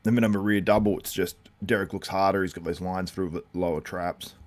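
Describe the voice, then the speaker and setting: A man with a notably deep, low voice hosts a live watchalong. He talks in a loose, rambling way, full of fillers, and keeps breaking off to answer viewers' comments. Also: fairly even intonation, brisk. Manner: chatty, reacts to viewer comments. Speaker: host.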